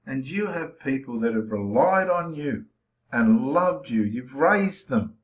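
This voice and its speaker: A man's voice: mid-range voice, expressive, slow pace. Impassioned male preacher in an echoey room. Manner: confrontational, challenging the listener directly. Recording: roomy echo.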